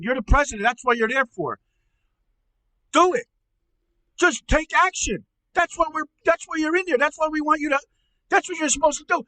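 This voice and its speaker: Guy putting on a squeaky shouty angry uncle, swears a lot, tense bright voice. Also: no echo. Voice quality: shouty, profane, stammering. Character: furious ranting middle-aged male uncle. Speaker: podcast co-host. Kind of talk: comedic rant.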